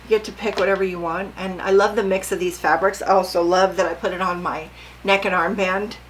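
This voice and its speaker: A woman's voice: on the low side, steady tone, brisk, a little hiss or hum, rough recording. An older woman vlogging casually about her sewing, chatty and rambling, often asking her viewers questions.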